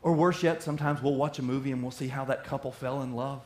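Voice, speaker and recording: A man preaching a sermon in an animated way, slipping into little acted-out voices of everyday people. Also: medium pitch, fast talker. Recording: roomy echo.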